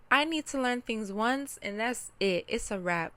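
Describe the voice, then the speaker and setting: A woman's voice: a little high, lively intonation, a little slow, a bit bright. A woman speaking candidly to camera about personal grief, close to tears as she works through her feelings. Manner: candid, emotional, talks to herself and viewers. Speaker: self-reflection vlogger. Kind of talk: unscripted personal reflection.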